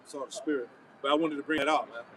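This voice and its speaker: A man's voice: medium pitch, fairly even intonation, quick pace, fairly bright tone, low-quality recording. A man hosting a live outdoor broadcast, talking in a fired-up, preachy, slangy way. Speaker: host of a live street broadcast. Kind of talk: live-stream discussion. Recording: outdoor mic with faint street noise.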